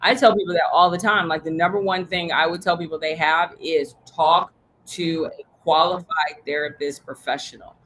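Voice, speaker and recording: A woman's voice: low voice, fairly even intonation, moderate pace, a bit bright, a little hiss or hum, low-quality recording. A woman business coach teaching a live workshop, telling stories with lots of energy, acting out quoted voices and swearing casually.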